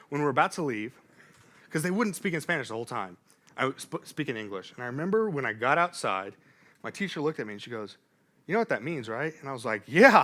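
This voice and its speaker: A young man delivers a sermon in a church, spinning a self-deprecating story and laughing along with it. His voice is bright and ringing, swinging widely in pitch as he builds each moment. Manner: animated storytelling, laughs at himself. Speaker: preacher.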